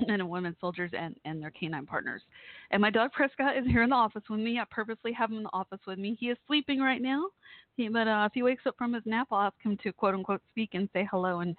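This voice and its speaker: A woman's voice: medium pitch, dry recording. Texas woman, call-in host, rambling casual chat, dry tinny phone sound. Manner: rambling, chatty, laughs often. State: worried, holding back tears.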